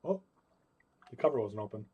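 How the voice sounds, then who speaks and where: A man's voice: on the low side, lively intonation, brisk, dark tone, slightly rough, highs cut off. A man hosting a live card break stream, chatting with viewers by name as he calls out each card pulled. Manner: chatty, greets viewers by name while calling out cards.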